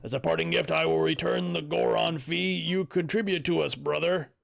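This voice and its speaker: A man voicing a proud old male rock-creature chieftain with a gravelly old voice, grand and solemn while reading game dialogue aloud. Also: fairly high pitch, fairly even intonation, normal speed, soft background music.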